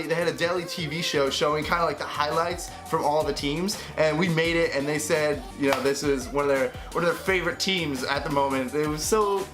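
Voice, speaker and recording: A young man vlogging, telling a travel story in a lively way and acting out the people he quotes. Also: a little high. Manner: animated, acts out quoted voices. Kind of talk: storytelling to camera.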